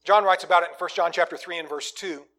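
High-voiced preacher swinging loud and soft. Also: male voice, fairly even intonation, fast. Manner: swings from loud emphatic lines to quiet low asides. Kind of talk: sermon.

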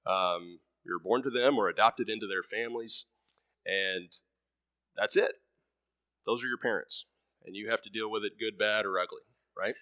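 Bright-voiced preacher man, casual sermon. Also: on the low side, normal speed, long pauses, no echo. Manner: conversational, many ums and uhs; acts out the story's voices lightly. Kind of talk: sermon with a told story.

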